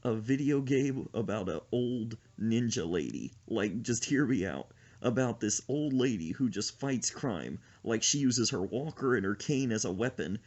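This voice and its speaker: A man's voice: mid-range voice, a little slow, few pauses, highs cut off. A man co-hosting a podcast in casual chat, telling stories animatedly and laughing often. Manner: animated storytelling with frequent laughter. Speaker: podcast co-host.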